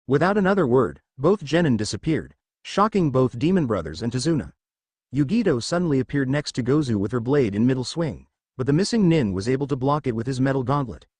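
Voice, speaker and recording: A male narrator reads a fan fiction story in a steady way. His pitch rises and falls with lively movement. The sound is close and dry, with no room echo. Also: brisk, husky.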